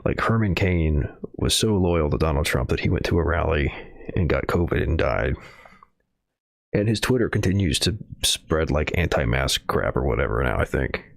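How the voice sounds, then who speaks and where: A man's voice: very deep voice, expressive, moderate pace, creaky, no room sound, studio quality. A man streaming from home, reading news headlines and adding rambling, sarcastic asides. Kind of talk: casual livestream commentary.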